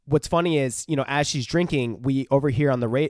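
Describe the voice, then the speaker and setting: A man's voice: medium pitch, fairly quick, no echo, studio quality. A man co-hosting a podcast, casually recapping a film in a profane, rambling way. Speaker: podcast co-host. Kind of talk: casual film review chat.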